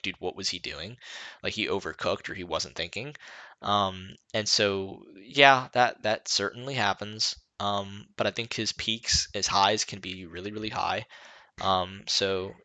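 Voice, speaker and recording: A man's voice: fairly low pitch, sharp tone, dry recording. A tired young man hosting a solo esports podcast, rambling through match analysis with lots of fillers and restarts. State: tired, yawning. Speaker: podcast host.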